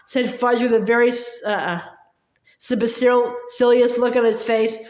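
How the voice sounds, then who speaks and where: A woman reading a storybook aloud in steady, plain narration. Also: fairly high pitch, normal speed. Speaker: audiobook reader. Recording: roomy echo.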